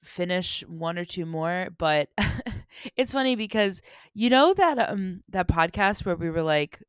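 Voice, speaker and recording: A woman's voice: on the low side, expressive, measured pace, clear, resonant tone, no echo, clean studio sound. A woman in her twenties co-hosting a podcast, chatting casually with a giggly manner and lots of fillers. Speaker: podcast co-host. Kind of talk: casual chat.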